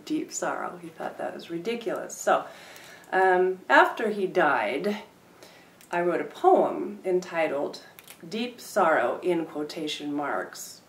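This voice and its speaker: A woman poet reading her own poems aloud, with low-key, wry asides between them. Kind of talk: poetry reading with spoken asides. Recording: roomy sound from a distant mic.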